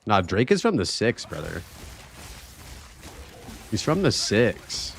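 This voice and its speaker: A man streaming a video game live, chatting casually with his viewers, excitable and swearing freely. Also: on the low side, slow, creaky, slight background noise. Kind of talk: casual live-stream chat while gaming.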